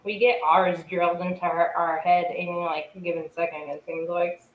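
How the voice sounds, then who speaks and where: A woman co-hosting a casual live stream, chiming in with quick quips and laughs. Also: on the low side, little pitch movement, narrow, tinny audio. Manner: laughs a lot, chimes in with short quips. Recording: echoey room, faint noise.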